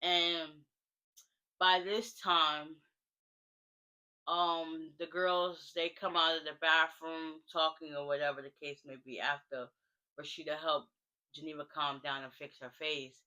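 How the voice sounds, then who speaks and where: A woman's voice: sits low, level tone, takes it slowly, sharp tone, poor audio. A woman giving a casual spoken recap of a TV episode in a chatty, slangy way, full of fillers. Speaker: TV recap vlogger.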